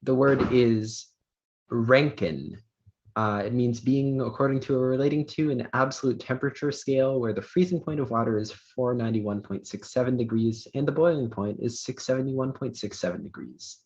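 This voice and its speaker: A man's voice: medium pitch, darkish tone. Guy reading spelling bee words over a video call, patient, bit muffled. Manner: measured, patient, with small fillers. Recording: dull lo-fi online audio.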